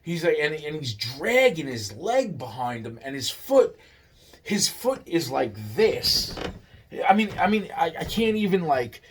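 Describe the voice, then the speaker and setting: A man's voice: a little high, sing-song, unhurried, slight background noise. Male storyteller, casual and profane, loose rambling delivery with lots of restarts.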